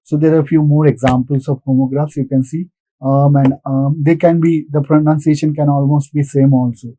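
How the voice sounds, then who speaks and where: A man's voice: a little high, flat delivery, fairly quick, warm tone, a little hiss or hum, low-quality recording. A man giving a recorded lesson, patiently repeating points and answering his own questions. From India. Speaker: English lecturer. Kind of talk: recorded classroom lecture.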